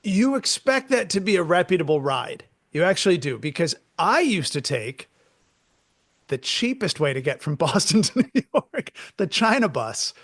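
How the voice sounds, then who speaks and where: High-voiced man ranting on a podcast. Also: normal speed, no echo, clean studio sound. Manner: animated, excitable storyteller with stammering restarts. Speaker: podcast co-host. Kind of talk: comedic rant.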